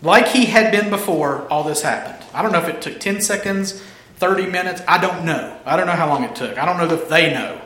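A man's voice: a little high, lively intonation, a little fast, bright, forceful tone. A man preaching a casual, humorous sermon, telling the story animatedly and acting out the characters. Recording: roomy echo.

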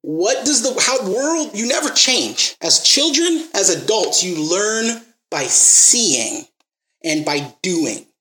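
A man's voice: sits high, big pitch swings, slow, sharp tone, echoey room, low-quality recording. A man preaching a sermon, telling stories and acting out the quotes, then pressing the listeners with emphatic rising questions.

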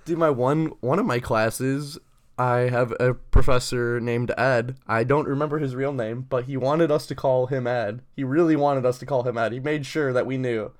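A man's voice: medium pitch, normal speed. A young man in his twenties, a podcast co-host, telling loose stories about his classes with lots of swearing and laughter. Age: 20s. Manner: swears freely, laughs often, animated when retelling stories. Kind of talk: casual chat.

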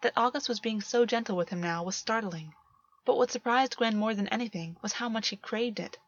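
A woman narrating a romance story in a steady, measured reading voice. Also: on the high side. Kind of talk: audiobook reading of fan fiction. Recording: dull lo-fi, dry.

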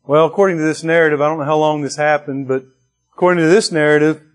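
A man's voice: a little high, steady tone, quick pace, faint music behind. A man preaching a sermon to his congregation in a conversational way, with restarts and bursts of rising emphasis. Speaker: pastor.

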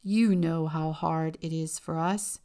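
A woman's voice: deep voice, steady tone, slow pace, mellow. A woman voicing a stern, greedy peasant father who insists firmly.

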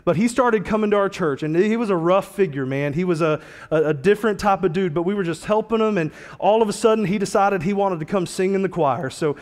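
A man's voice: sits high, fairly quick, few pauses, a little mellow, big-room sound. A man preaching a sermon as a pastor, telling a story in a casual, slangy, conversational way.

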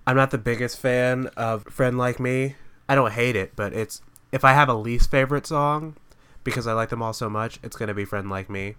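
A man co-hosting a casual podcast chat about animated films, relaxed and opinionated, often trailing off quietly. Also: mid-range voice, moderate pace, clean tone. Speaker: podcast co-host.

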